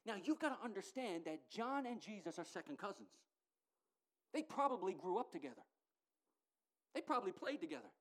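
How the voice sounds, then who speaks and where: A middle-aged woman delivers a sermon, her pitch swinging widely as she presses her points. She talks emphatically and climbs to loud, ringing declarations, then drops back to earnest, close talk. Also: sing-song, fairly quick, pauses often. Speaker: preacher.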